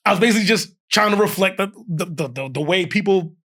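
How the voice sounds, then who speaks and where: With a voice that sits high and a quick pace, the man tells an amusing story as a guest on a podcast. Laughter comes often, and he acts out the quotes with animation.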